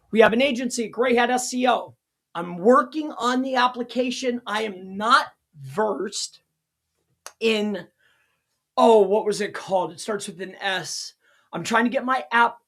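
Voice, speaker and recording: A man hosting a loose live teaching stream, jumping from point to point with bursts of excitement and laughter at his own jokes. His voice is husky and sounds worn and strained. He talks straight to his viewers in a casual, unscripted way. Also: extremely high pitch. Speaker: local SEO consultant and livestream host.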